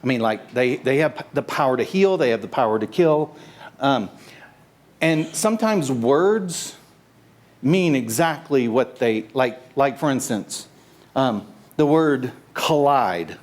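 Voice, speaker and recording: Middle-aged man, pastor type, relaxed sermon, halting with fillers, plays to the congregation. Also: medium pitch. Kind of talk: sermon with prayer. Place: church sanctuary.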